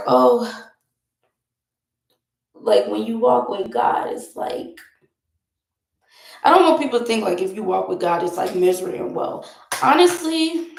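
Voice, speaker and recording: A woman's voice: mid-range voice, vocal fry, reverberant, slight background noise, poor audio. A young woman vlogger chatting casually while doing her makeup, rambling and laughing often.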